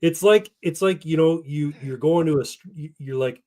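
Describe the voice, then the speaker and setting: A man's voice: on the high side, moderate pace, hardly any pauses, darkish tone. A man co-hosting a casual podcast, swearing freely and spinning long rambling stories. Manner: profane, rambling storyteller. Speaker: podcast co-host. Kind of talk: casual chat.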